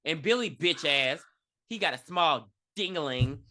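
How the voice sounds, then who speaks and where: A man co-hosting a movie-review podcast, recapping the plot with sarcastic jabs and plenty of swearing. His voice is bright and forceful. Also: fairly high pitch, expressive, a little slow. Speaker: podcast co-host. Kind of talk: casual movie review chat.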